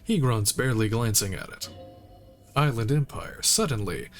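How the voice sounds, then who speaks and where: A man streaming a game, reading its text aloud in a relaxed way and making occasional asides. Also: mid-range voice, normal speed, soft background music. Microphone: streaming mic.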